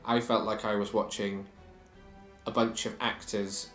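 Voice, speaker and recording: A man's voice: fairly low pitch, little pitch movement, unhurried, fairly bright tone, reverberant, soft background music. A man co-hosting a podcast in casual chat, sharing strong opinions and reading quotes aloud. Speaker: podcast co-host.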